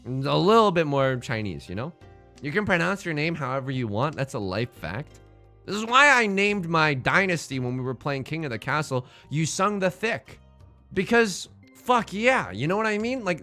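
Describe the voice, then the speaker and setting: A young man with a fairly high, bright voice chats over his game stream, bouncing his pitch all over as he jokes and rambles. Faint music plays behind him. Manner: joking, rambling, playful. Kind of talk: casual live-stream game commentary.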